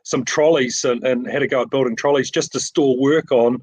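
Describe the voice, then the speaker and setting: A middle-aged man with a New Zealand accent, talking about his work in a relaxed, rambling way with plenty of ums and restarts. His voice sits at an ordinary middle pitch. The sound is dry and close, as on a video call. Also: fairly quick, slightly rough, no room sound, rough recording. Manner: modest, rambling, many fillers and restarts. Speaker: framing shop owner. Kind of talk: casual interview.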